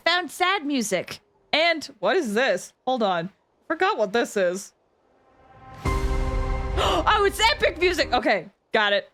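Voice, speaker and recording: A woman streamer chatting casually over a game. She is playful and giggly. Her voice is high and swings widely in pitch. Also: very animated, slow, pauses often, over music.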